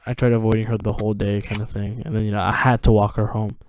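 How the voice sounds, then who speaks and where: A man's voice: on the low side, flat delivery, fast, darkish tone, slight background noise. Rambling teenage guy telling a story. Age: teens. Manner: rambling, full of restarts and fillers. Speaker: podcast co-host. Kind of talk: casual storytelling chat.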